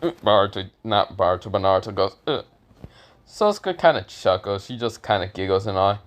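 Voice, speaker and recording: A man's voice: on the low side, lively intonation, a little fast. A man casually narrating an improvised fan story, rambling with fillers and self-corrections.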